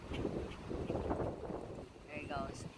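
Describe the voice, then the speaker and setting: A man's voice: extremely slow, heavy background noise. A man walking his dog outdoors by a lake, coaxing and teasing it in playful baby talk as he films on a handheld phone. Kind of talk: casual chat to a dog.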